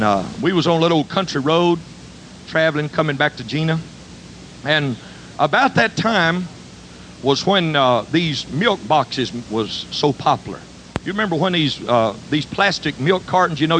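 Folksy older preacher telling a story. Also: male voice, fairly high pitch, a little hiss or hum, rough recording. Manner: folksy, animated storytelling with dialect. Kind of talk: storytelling sermon.

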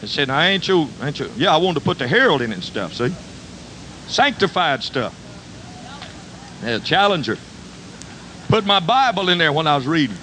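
An older man preaches in a drawl, his voice sitting a touch high as he spins a folksy, animated tale. A faint hiss and low rumble run under the recording. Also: moderate pace, pauses often, rough recording. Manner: folksy, animated storytelling with dialect. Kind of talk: storytelling sermon.

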